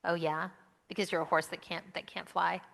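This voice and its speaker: A woman's voice: on the low side, level tone, moderate pace, vocal fry, fairly bright tone, big-room sound. A woman leading an interactive children's message during a church service, coaxing and encouraging the kids with lots of questions. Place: church sanctuary.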